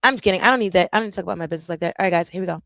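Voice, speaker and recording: A woman content creator chatting casually and jokingly to her viewers on a live stream, animated and self-interrupting. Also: on the low side, racing, creaky, dry recording.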